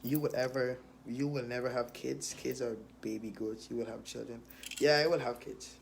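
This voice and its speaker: A man's voice: mid-range voice, fairly even intonation, normal speed, gravelly, a little hiss or hum. A young man with a Virgin Islands accent, a rapper casually reading out and answering questions in a streetwise, laid-back way.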